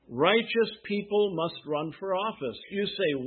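A man preaching a sermon, asking his listeners questions and answering them with emphasis, pausing between phrases. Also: high voice, lively intonation, breathy edge. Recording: tinny phone-like sound.

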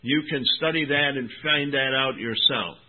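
A man preaching a sermon, reading scripture with emphatic, drawn-out stresses and calling his listeners "my friend" and "folks.". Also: medium pitch. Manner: emphatic, drawn-out Bible reading, rising and dropping in volume. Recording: tinny phone-like recording.

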